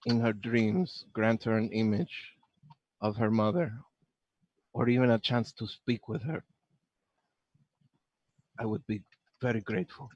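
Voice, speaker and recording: A man voicing a solemn male warrior in a tabletop game, praying slowly and haltingly. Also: fairly low pitch, fairly even intonation, darkish tone, dry recording, lo-fi sound. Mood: reverent. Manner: slow, halting, reverent prayer. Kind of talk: tabletop role-play in character.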